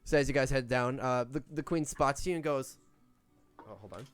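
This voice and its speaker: A man's voice: mid-range voice, fairly even intonation, a little fast, faint music behind. A man narrating as game master in a casual, hesitant way with many fillers.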